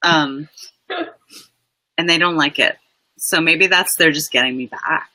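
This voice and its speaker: Dry-humored bright-voiced woman guest. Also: sits low, a little slow, low-quality recording. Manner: dry, self-mocking humor. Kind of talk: casual chat on a live video show.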